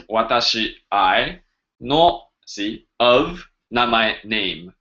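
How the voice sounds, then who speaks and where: Brief: male live-stream teacher, animated delivery, bright tone, dull lo-fi audio. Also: lowish voice, slow. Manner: chatty, joking, animated. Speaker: language teacher hosting a live Q&A. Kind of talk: casual live-stream lesson.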